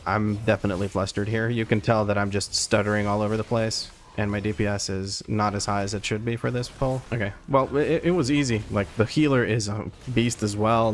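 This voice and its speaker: Low-voiced man calling his gameplay. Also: slight background noise. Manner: rapid play-by-play, swearing, self-deprecating. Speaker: gameplay commentator. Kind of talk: live gameplay commentary.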